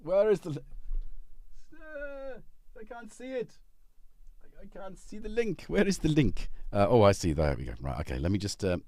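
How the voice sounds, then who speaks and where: Chatty man with a lively pitch. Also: normal speed, dry recording. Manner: rambling, chatty, greets viewers by name. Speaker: livestream host. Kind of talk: casual livestream chat. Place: home music studio.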